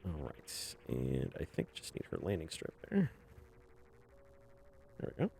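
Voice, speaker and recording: A man's voice: very deep voice, huge pitch swings, a little slow, vocal fry, a little hiss or hum. A man casually chatting on a drawing stream, rambling, chuckling and muttering to himself as he works. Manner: rambling, chuckling, muttering softly while working. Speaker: webcomic artist streaming. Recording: faint music behind.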